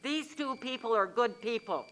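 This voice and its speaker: A woman's voice: a little high, lively intonation, moderate pace, a bit bright, a little hiss or hum. Angry woman giving public comment. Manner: angry, emphatic and repetitive. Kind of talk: public comment at a county meeting.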